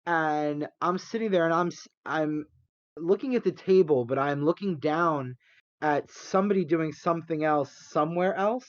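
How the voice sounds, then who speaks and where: Guy telling a long rambly story on a podcast, kinda high voice, muffled dry sound. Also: normal speed, no room sound. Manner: animated, rambling, acts out quotes, laughs often. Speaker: podcast co-host. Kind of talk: casual storytelling chat.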